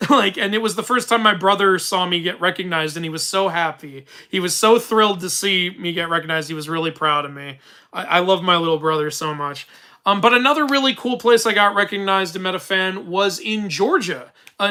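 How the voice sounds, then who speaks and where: A man's voice: high voice, bright, forceful tone. A young man hosting a casual live-stream Q&A from his room, talking into a phone, rambling with restarts and laughing as he tells stories. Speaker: YouTube mythology channel host.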